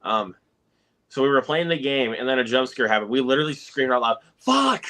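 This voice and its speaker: Young guy telling a story on a stream, lots of ums, bright voice. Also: medium pitch, fast. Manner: storytelling, many fillers like um. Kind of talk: casual group chat on stream.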